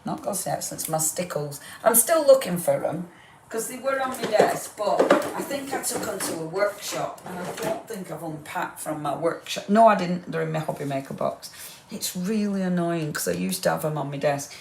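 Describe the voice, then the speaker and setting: Brief: woman, craft demo host, low gravelly voice, gushing and chatty. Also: normal speed, darkish tone, a little hiss or hum. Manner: chatty and gushing, rambling asides. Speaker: craft demonstrator. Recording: roomy echo.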